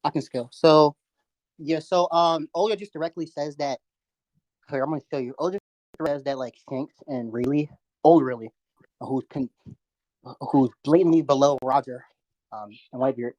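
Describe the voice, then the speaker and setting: A man's voice: on the high side, normal speed, pauses often, a little mellow, no room sound. A young man in a casual online debate, insistent and at times mumbling.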